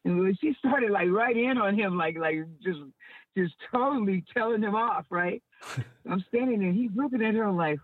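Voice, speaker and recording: A woman's voice: mid-range voice, moderate pace, husky, no echo. A woman telling stories as an interview guest, rambling and restarting her words over a phone line. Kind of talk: casual storytelling. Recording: tinny dry phone line.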